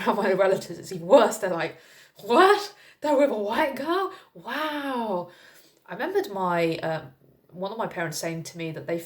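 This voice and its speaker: A young woman from England talking candidly to camera in a casual vlog, chatty, with fillers and laughter. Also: fairly low pitch. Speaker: vlogger. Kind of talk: casual personal talk to camera.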